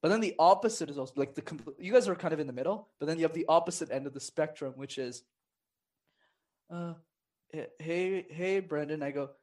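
A man's voice: on the high side, racing, hardly any pauses. A man guest on a podcast, giving casual advice on conversation and acting out voices of people he quotes. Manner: animated, acts out quoted voices. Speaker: podcast guest, communication coach.

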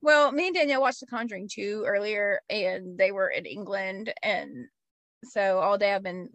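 A woman's voice: mid-range voice, normal speed, fairly bright tone, no room sound. A woman co-hosting a podcast, reacting playfully and laughing often in casual chat. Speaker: podcast co-host.

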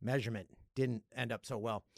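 A Canadian man hosting a casual solo podcast, jokey and animated, with loud playful outbursts. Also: mid-range voice, brisk, no room sound, clean studio sound. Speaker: podcast host.

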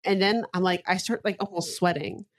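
A woman's voice: on the low side, fairly even intonation, a little fast. Blunt young woman telling crude stories. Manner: candid, crude storytelling. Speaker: podcast co-host. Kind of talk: casual chat.

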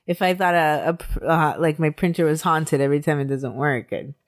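A woman with a slightly low voice co-hosts a podcast. She tells a true-crime story in a loose, chatty way. She swears and laughs easily. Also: fairly even intonation, a little fast. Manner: casual, swears, laughs often. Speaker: podcast co-host.

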